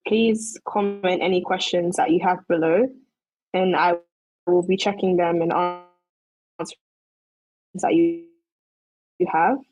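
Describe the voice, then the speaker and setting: A woman's voice: lowish voice, fairly even intonation, takes it slowly, long pauses, darkish tone, rough recording. A young woman presenting a casual 3D modeling tutorial, thinking aloud as she works, with loose fillers. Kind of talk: casual screen-recorded tutorial.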